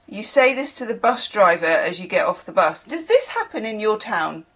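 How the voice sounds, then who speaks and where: A woman's voice: mid-range voice, sing-song, normal speed, few pauses, a bit bright. A woman from the UK, a tarot reader who chats in a rambling way, with laughing asides. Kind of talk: casual chatty reading.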